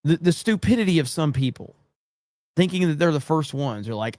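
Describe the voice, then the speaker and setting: A man hosting a livestream, reacting to clips with sarcastic, animated commentary. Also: medium pitch, brisk, no echo, clean studio sound. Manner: sarcastic, animated, mock-quoting, chuckling. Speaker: livestream host.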